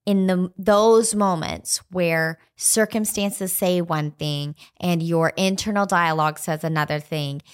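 A woman co-hosting a casual faith podcast, telling a family story in a candid, warm way. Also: lowish voice, steady tone, measured pace, hardly any pauses, smooth. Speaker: podcast co-host.

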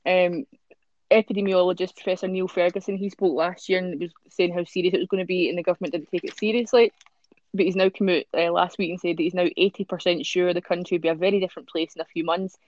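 A woman's voice: fairly low pitch, fairly even intonation, fast, a little mellow, no echo, dull audio. A woman hosting a podcast, chatting casually with many fillers and reading out newspaper stories. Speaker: podcast host.

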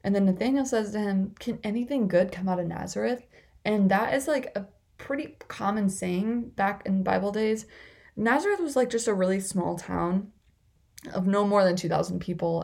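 A woman's voice: medium pitch, gravelly, mellow. A young woman casually reading through a Bible chapter and reflecting on it, chatty and full of "like" fillers. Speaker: Bible study vlogger.

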